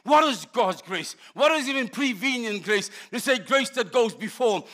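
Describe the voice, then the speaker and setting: A middle-aged man preaching a sermon, impassioned and swinging from shouts to hushed tones. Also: very high-pitched, expressive, moderate pace, few pauses. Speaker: pastor.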